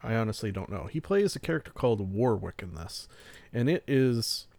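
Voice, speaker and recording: A man's voice: on the low side, very animated, normal speed, creaky, a little mellow, no echo. A man hosting a solo podcast, reviewing films and shows in a casual, rambling way, often restarting and chuckling. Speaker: podcast host.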